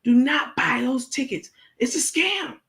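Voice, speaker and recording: A woman voicing a frantic woman who warns of a scam with crisp, exaggerated enunciation. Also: high voice, expressive, measured pace, fairly bright tone, voice pushed up, exaggerated voice.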